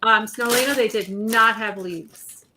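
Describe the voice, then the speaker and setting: A chatty, excitable woman talks during a casual stream with friends. Clear background noise runs under her voice. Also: a little high, unhurried. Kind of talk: casual group chat.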